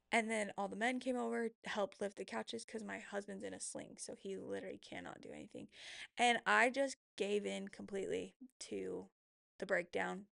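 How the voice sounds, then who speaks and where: Woman, 30s, vlogger, confessional storytelling, heavy vocal fry, dry close sound. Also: mid-range voice, fairly even intonation, fairly bright tone, dry recording. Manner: emotional, confessional, quick asides. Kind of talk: candid personal storytelling.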